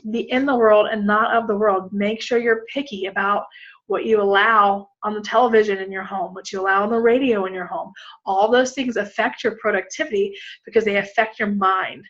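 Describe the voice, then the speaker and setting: A woman's voice: mid-range voice, a bit bright, highs cut off. A woman in her thirties, a pastor giving a frank conference breakout talk, often checking in with "all right?" and "okay?".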